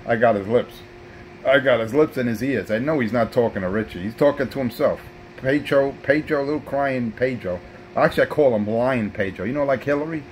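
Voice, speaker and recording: A man's voice: mid-range voice, brisk, slight background noise, poor audio. A man, trash-talking rivals as a brash, profane CB radio operator. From South Bronx, New York.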